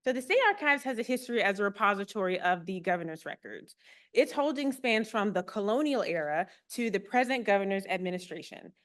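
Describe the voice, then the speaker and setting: A woman's voice: medium pitch, lively intonation, fairly quick, fairly bright tone. A woman archivist giving a public talk to a live audience, friendly and explanatory with a light touch of humor.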